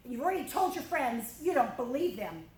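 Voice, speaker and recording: High-voiced woman telling kids a Bible story. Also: a little fast, echoey room, slight background noise, rough recording. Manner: expressive, addresses children directly. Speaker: children's ministry teacher. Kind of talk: storytelling Bible lesson while drawing. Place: church room.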